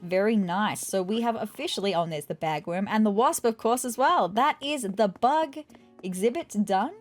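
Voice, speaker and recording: A gaming YouTuber casually narrates her let's play of a life-sim game, chatty and a little squeamish as she thinks aloud while exploring. Her mid-range voice is animated and moves at a normal speed, with soft music in the background.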